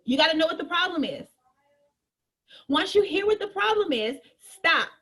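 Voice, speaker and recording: A woman with a high voice leads a sales training session. She talks straight to her audience in a lively, chatty way. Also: normal speed. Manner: lively, conversational, addresses listeners directly.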